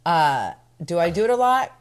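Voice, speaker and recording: Woman, middle-aged, low pitch, chatty, sarcastic, candid co-host. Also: very animated, moderate pace. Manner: chatty, sarcastic, talks openly about prices. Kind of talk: casual chat.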